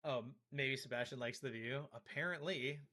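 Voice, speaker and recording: A man's voice: medium pitch, normal speed, bright, forceful tone. A man streaming a game live, chatting casually and teasing an on-screen character.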